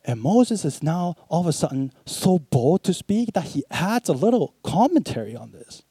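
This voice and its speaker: Animated male preacher, mellow dry voice. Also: a little high, moderate pace, slightly rough, no echo. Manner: animated, swings from hushed to emphatic. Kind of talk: sermon.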